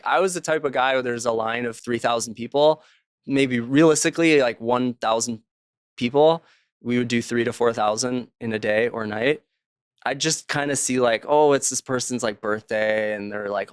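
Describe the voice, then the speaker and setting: A man's voice: mid-range voice, smooth, no echo, clean studio sound. A man, an author, talking casually as a guest in an interview and telling anecdotes, slipping into the voices of the people he quotes.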